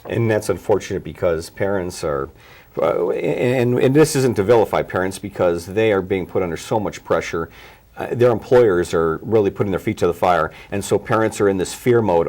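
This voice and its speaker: A man's voice: deep voice, normal speed, a little mellow. A man hosting a parenting talk show, thoughtfully summing up and framing questions for his guest. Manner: thoughtful, frequent restarts and fillers while framing questions. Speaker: host.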